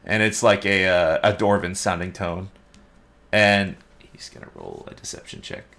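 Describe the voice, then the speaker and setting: A man narrating as dungeon master of a tabletop game, relaxed and unhurried with small hesitations. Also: deep voice, vocal fry, a little hiss or hum.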